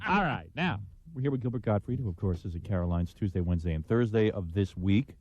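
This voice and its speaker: A man's voice: lowish voice, animated, moderate pace, a little mellow, no echo. A man hosting a radio show, teasing his guest and laughing through a live ad read. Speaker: radio host. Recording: dull lo-fi radio recording.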